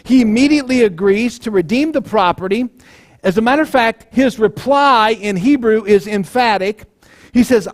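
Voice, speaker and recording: A man's voice: high voice, normal speed. A male pastor giving a sermon in a conversational way, acting out the people in the story.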